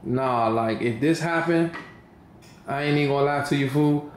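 D.C.-man chiming in, echoey room. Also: fairly high pitch. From Washington, D.C. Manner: slangy, quick to chime in. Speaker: co-host asking questions. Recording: echoey room with faint noise.

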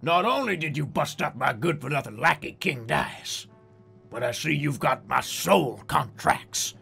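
Man playing a game devil boss, raspy, gravelly, high and lively, sly and menacing, drawling villain delivery. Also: a little slow, soft background music, exaggerated voice. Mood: gloating.

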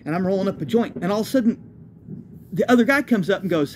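Man telling a rambling, lively road story. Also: sits high, fast, a little hiss or hum. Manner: loose, profane, self-correcting storyteller. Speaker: homeless traveler telling his own story.

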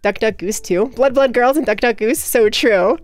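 A young woman livestreamer chatting casually with her viewers, talking rapidly and nonstop with hyperactive energy. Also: a little high, no room sound. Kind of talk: casual chat with stream viewers.

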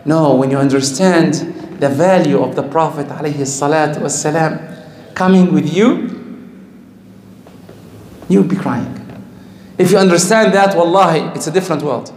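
High-voiced preacher, native Arabic speaker. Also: male voice, moderate pace, long pauses, a little hiss or hum. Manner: animated, acts out quoted speech, loose grammar. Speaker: Islamic preacher. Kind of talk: storytelling sermon. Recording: echoey room.

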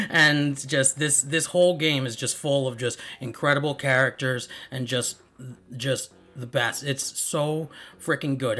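A man's voice: mid-range voice, pushed and bright. A man giving casual, rambling let's-play commentary as host, chuckling and trailing off mid-thought. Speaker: gameplay video host. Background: game music.

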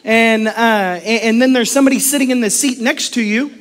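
A middle-aged man preaching a sermon as pastor, animated, acting out quotes and laughing often. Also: very high-pitched, a little fast.

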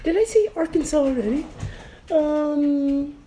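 A squeaky, strained falsetto that rushes and stumbles, full of ums and uhs. The put-on voice sits far above his own and sounds flustered and frantic. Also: mellow, a little hiss or hum. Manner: frantic listing with many fillers.

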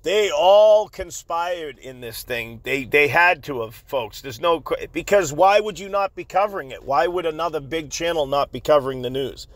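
A man hosts his channel with a heated, insistent rant. His voice is fairly high and very bright, and he stammers and repeats words as he presses each point. The sound is dry and close. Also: animated, normal speed, hardly any pauses, dry recording. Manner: angry and insistent, repeats himself, laughs often. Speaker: channel host.

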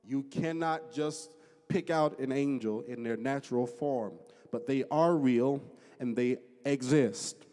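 Pastor preaching in a reverberant church. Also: male voice, medium pitch. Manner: fervent prayer building to loud shouts; slow, drawn-out scripture reading. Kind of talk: sermon. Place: church sanctuary. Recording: long church hall reverb.

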